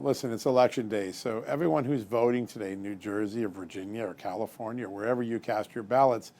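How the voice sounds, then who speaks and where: Gravelly man, emphatic political commentary. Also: medium pitch, a little mellow. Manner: emphatic, building to heated points. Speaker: guest commentator.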